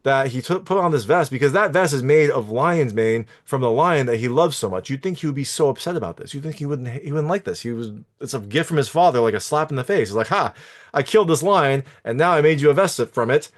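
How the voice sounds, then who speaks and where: A man's voice: medium pitch, expressive, fast talker, few pauses. A man talking casually as a film reviewer, recapping a plot in a chatty, meandering way with many fillers. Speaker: movie reviewer.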